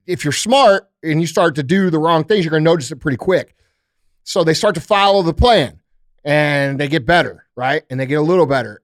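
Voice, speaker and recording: A man's voice: sits high, no room sound, studio quality. A man hosting a podcast, talking in a profane, emphatic way and acting out the thoughts of the people he describes. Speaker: podcast host. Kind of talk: casual podcast chat.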